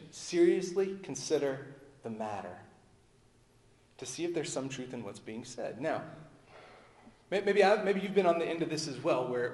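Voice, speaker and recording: A male pastor preaching a sermon in a conversational way, dropping low and soft at the ends of phrases. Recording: echoey hall with long reverb.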